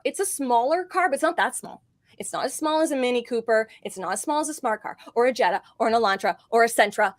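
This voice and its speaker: A woman telling a stand-up comedy story on a showcase stage, with big jumps in pitch on her punchlines.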